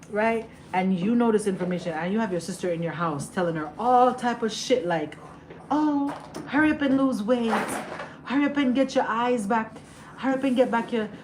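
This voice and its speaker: A young woman hosting a livestream, ranting heatedly and with lots of profanity, repeating lines for emphasis and dropping from loud outbursts to low muttering. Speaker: livestream host. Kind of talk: emotional livestream rant. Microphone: phone or webcam on a livestream. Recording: steady background noise.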